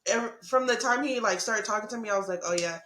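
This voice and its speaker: A young woman telling a story in casual podcast chat, animated, laughing often and acting out what people said. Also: on the high side, quick pace, echoey room, slight background noise. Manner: animated, laughing, swearing, acts out quotes. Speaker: podcast co-host.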